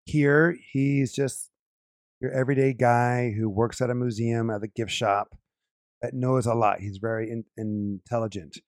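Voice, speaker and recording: A man's voice: mid-range voice, fairly even intonation, unhurried, no room sound, clean studio sound. A man hosting a casual review chat, explaining and correcting the others firmly.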